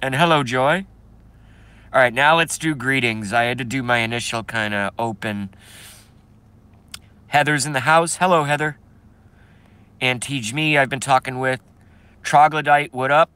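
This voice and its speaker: A man's voice: mid-range voice, normal speed, long pauses, sharp tone, smooth, dry recording. A man hosting a casual livestream, reading viewer comments and ranting bluntly with profanity, congested and coughing now and then. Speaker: livestream host.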